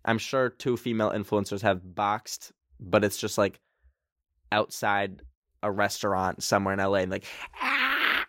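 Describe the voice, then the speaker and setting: A man's voice: fairly low pitch, level tone, normal speed, a bit bright, no echo, studio quality. A young man hosting a casual solo podcast, goofy and rambling with lots of fillers and laughs. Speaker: podcast host.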